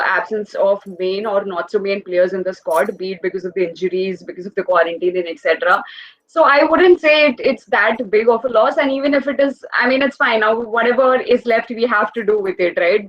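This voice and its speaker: A woman's voice: mid-range voice, dry recording. Confident woman fan, dry lo-fi sound. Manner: confident, opinionated. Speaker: fan guest. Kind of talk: casual chat. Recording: dry, slightly dull audio.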